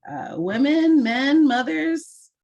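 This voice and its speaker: A woman's voice: high voice, lively intonation, slow, darkish tone, highs cut off. A woman hosting an online mentoring session over a video call, giving friendly, direct instructions with some fillers.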